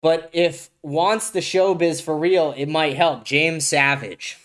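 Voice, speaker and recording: A man's voice: a little high, steady tone, slow pace, fairly bright tone. A man hosting a livestream, reading chat messages and joking crudely in a brash, casual way. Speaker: livestream host.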